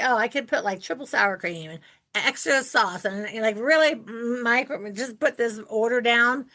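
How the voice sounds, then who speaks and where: A woman in her sixties from Ohio, hosting an interview podcast and telling animated stories with acted-out quotes. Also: a little high, normal speed. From Ohio, United States. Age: 60s. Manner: animated storyteller, acts out quoted voices. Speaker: podcast host. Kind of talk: casual interview chat.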